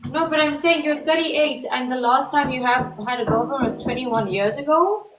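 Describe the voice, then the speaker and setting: A woman co-hosting a live stream who jumps in with quick questions and apologetic asides. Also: high voice, crowd noise. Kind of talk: casual live-stream chat. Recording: echoey room with background noise and clicks.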